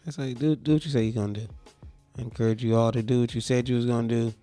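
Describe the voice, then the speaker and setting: A man's voice: medium pitch, steady tone, very fast, warm tone, no room sound, faint music behind. A man co-hosting a podcast, bluntly handing out advice and repeating his points in casual chat. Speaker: podcast co-host.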